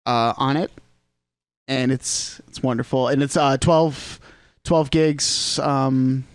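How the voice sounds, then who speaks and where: A man co-hosting a podcast, easygoing and halting with fillers as he talks. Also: medium pitch, fairly even intonation, clean tone, no echo. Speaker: podcast co-host. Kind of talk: casual chat.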